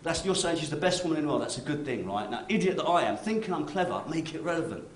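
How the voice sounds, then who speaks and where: A man's voice: fairly high pitch, big pitch swings, quick pace, slight background noise. A man performing a stand-up comedy set on stage, chatty and constantly tagging his lines with "right?". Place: comedy club stage with live audience. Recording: roomy club recording.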